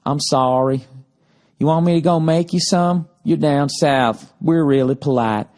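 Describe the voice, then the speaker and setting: A man's voice: on the high side, a little slow, darkish tone, lightly acted. Man putting on a drawling Southern hotel lady. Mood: apologetic. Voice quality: drawling, exaggerated. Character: fussy, overly polite Southern hotel clerk lady.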